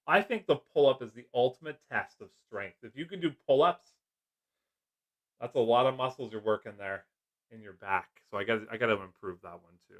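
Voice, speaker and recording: A man's voice: mid-range voice, brisk, highs cut off. A middle-aged man hosting a casual live stream, jokey and chatty, laughing often as he reads comments. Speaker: livestream host.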